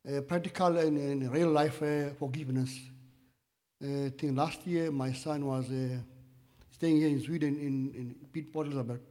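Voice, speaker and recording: Guy giving a church testimony, kinda high voice, stumbles and restarts a lot then gets loud, big echoey hall. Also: fairly even intonation. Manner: halting, with many restarts and fillers, rising to loud emphatic bursts. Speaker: church member sharing a testimony. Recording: echoey hall with long reverb.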